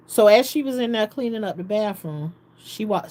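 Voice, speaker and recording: Woman vlogger telling a wild story, laughing, mid pitch. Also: normal speed. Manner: animated storytelling, laughs often, quotes others. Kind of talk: casual storytelling.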